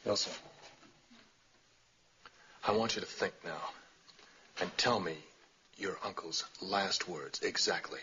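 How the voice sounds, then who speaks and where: A man's voice: sits low, takes it slowly, long pauses. An actor playing a suave, confident male master thief who talks in a wry, teasing way. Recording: muffled 1960s TV soundtrack with clear hiss.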